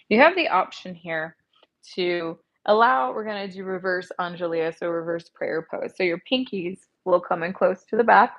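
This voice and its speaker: A woman yoga instructor calmly guiding a class through stretches, speaking into an earpiece mic. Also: medium pitch, muffled recording. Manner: gentle, calm cueing with soft encouragement.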